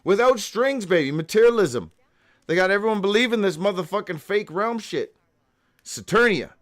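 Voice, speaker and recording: High-voiced man ranting, whooping. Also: animated, moderate pace, fairly bright tone. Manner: profane, free-associating, with sudden whoops; reads aloud from his own notes, stumbling. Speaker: host of a daily live show. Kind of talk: rambling live monologue.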